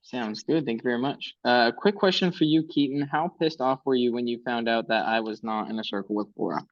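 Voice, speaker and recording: A man on the jury asking a quick question of the finalists and then signing off in a friendly way. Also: medium pitch. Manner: brisk, friendly sign-off. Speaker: juror. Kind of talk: casual online call. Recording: dull lo-fi mic.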